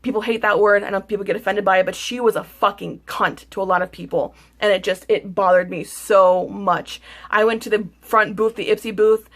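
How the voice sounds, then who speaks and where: A woman's voice: medium pitch, steady tone, fairly quick, fairly bright tone. Woman beauty vlogger, casual storytime rant; frustrated, rambling, swears often. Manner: venting, frustrated, swears freely; repeats words, rambling with restarts.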